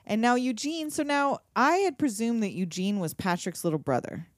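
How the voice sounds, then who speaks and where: Animated woman recapping a movie. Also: fairly high pitch, normal speed, dry recording, clean studio sound. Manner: animated, swears casually, laughs often. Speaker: podcast co-host. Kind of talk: casual movie recap chat.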